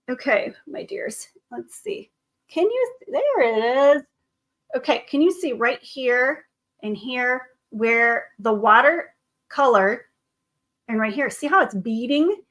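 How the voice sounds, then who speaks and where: Woman, art teacher, kids' painting lesson, encouraging, fairly high pitch. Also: expressive, slow pace, fairly bright tone. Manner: upbeat, encouraging, talks to the viewer as to young students. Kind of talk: classroom drawing tutorial.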